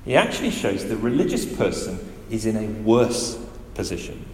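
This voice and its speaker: A man delivers a sermon with a lively, rising-and-falling voice, pressing points home and asking the congregation questions. His words echo around a big hall with a long reverb tail and faint room noise behind. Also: on the low side, normal speed. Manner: animated, emphatic, asks the listeners direct questions. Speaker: preacher. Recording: echoey hall with faint ambience.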